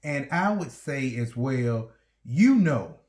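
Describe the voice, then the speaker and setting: A man's voice: medium pitch, sing-song, takes it slowly, a little mellow. A man co-hosting a casual chat, earnest and conversational, repeating points for emphasis. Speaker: co-host.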